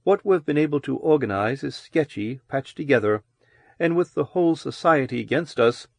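A man voicing a mature, commanding woman who speaks calmly and in a hushed way in an audiobook reading. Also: medium pitch, moderate pace, vocal fry, dry recording, voice pushed up. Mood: quiet, gentle. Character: mature commanding woman, calm and low-spoken.

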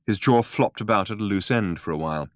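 A man narrating a comic science-fiction story in a measured, wry way. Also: on the low side, dry recording, studio quality. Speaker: audiobook narrator. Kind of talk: scripted narration.

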